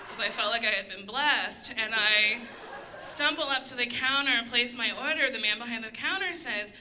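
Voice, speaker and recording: A woman in her thirties works a live stand-up set, her high voice rising loud as she tells her story and slips into put-on voices. A noisy room sits behind the stage mic. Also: moderate pace. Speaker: stand-up comedian. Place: comedy stage before a live audience.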